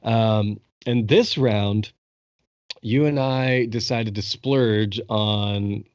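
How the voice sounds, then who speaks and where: Man, young adult, podcast host, low-ish voice, excited storyteller, swears a lot, dry close mic, muffled sound. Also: extremely slow, dry recording. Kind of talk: casual chat.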